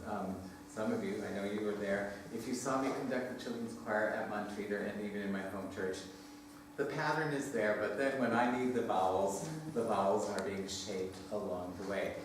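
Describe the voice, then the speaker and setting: A man's voice: fairly low pitch, slight background noise. Man teaching choir in a reverberant hall. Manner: demonstrates by singing phrases, leads group echo singing; upbeat, laughs often while explaining. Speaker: choral clinician. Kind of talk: music workshop teaching. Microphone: distant room mic. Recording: echoey hall recorded from far off.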